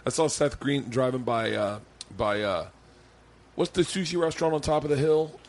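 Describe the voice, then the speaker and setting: A man's voice: medium pitch, normal speed. A man hosting a podcast, chatting casually, swearing and laughing often. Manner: loose, swearing, laughs a lot. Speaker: podcast host.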